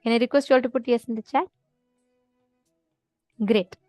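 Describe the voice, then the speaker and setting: A woman's voice: a little high, steady tone, normal speed, mellow, no room sound, faint music behind. A woman leading a live online spiritual teaching session, explaining step by step and often asking if listeners follow. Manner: explanatory, often checking understanding with "correct?".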